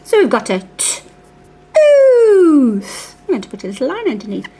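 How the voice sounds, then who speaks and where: A woman teaching phonics to young children, slowly and sing-song sounding out each speech sound and coaxing a puppet helper. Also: medium pitch, sing-song, vocal fry, darkish tone, slightly rough. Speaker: reading teacher.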